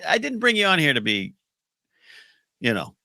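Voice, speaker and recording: Lively playful man, bright voice. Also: a little high, normal speed, creaky, dry recording, clean studio sound. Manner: playful, giggly teasing. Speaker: podcast host. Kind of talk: casual chat.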